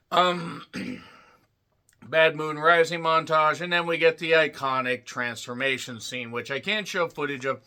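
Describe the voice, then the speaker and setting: Man with a very bright, edgy voice. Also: on the high side. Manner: rambling, irreverent, crude jokey asides; clears his throat often. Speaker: movie reviewer. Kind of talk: casual movie review monologue.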